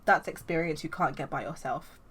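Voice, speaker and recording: A woman's voice: sits low, fairly quick, a bit bright, slightly rough, full character voice. A woman voicing a stern older man commander who lectures in a firm tone.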